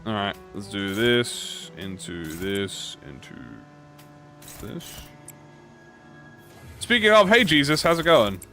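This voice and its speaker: Lively, joking young gaming commentator man. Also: fairly low pitch, slow, long pauses, faint music behind. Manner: excitable, joking, swears freely. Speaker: gaming YouTuber. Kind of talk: casual gameplay commentary.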